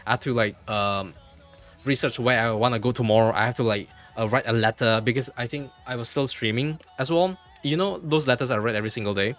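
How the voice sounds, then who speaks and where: Speaking into a desk mic, a male livestreamer tells a story to his stream in a casual, animated way, a little fast and at medium pitch. He keeps circling back to repeat phrases and swears freely, while soft music plays faintly underneath.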